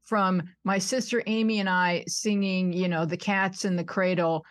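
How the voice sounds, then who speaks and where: A woman's voice: fairly low pitch, flat delivery, moderate pace. A woman in her sixties from upstate New York, chatting as a podcast guest, self-deprecating and laughing often. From United States (suburban Buffalo, New York). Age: 60s. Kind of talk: casual interview chat.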